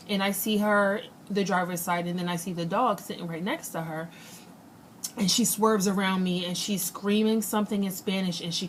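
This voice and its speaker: A young woman vlogger retelling something that happened to her in a casual, animated way, acting out what people said. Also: on the low side, slight background noise. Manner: animated retelling, acts out quotes. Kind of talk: casual storytelling.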